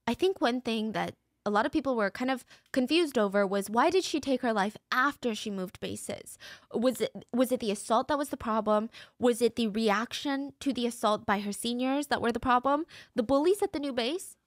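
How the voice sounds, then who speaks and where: A woman's voice: a little high, moderate pace, no echo, clean studio sound. A woman host narrating a true crime case in a conversational, emotionally invested way.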